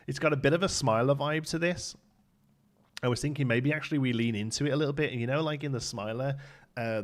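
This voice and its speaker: A young man chatting casually and rambling as he plays and builds on a live stream, laughing often and answering chat. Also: medium pitch.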